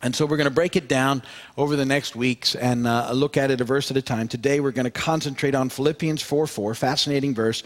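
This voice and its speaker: Halting, conversational male pastor preaching. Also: mid-range voice, steady tone. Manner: conversational, halting with fillers and repeated words. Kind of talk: sermon.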